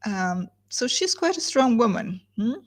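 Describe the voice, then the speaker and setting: A woman teaching literature, reading a novel aloud and stopping to comment, slowing down on words she wants to stress. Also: on the high side, very animated.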